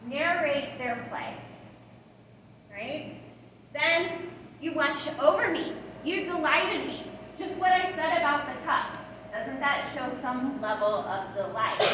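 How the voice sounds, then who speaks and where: A middle-aged woman gives a training talk on attachment to foster and adoptive parents, often checking in with "right?" and acting out gentle words to a child. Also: sits high. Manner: tags lines with "right?" and "all right?"; acts out soothing words to a child. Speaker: guest speaker on attachment. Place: large hall. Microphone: room mic far from the speaker. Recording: echoey hall from far off, noisy.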